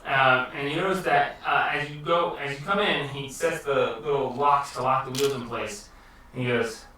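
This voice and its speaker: Hesitant game master, unhurried narration, distant mic, loud room echo. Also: mid-range voice. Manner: hesitant, filler-heavy narration. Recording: distant echoey room with noise.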